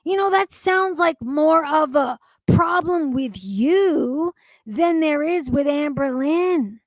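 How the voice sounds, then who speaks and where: A woman's voice: high voice, expressive, slow pace, dry recording. A woman hosting a stream, ranting in a heated, profane commentary. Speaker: stream host.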